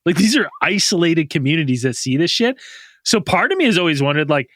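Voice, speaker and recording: Bright lively guy on a podcast, swears a ton, dry close mic. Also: fairly high pitch, quick pace, no room sound. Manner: profane, jokey, laughs often. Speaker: podcast co-host. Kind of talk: casual chat.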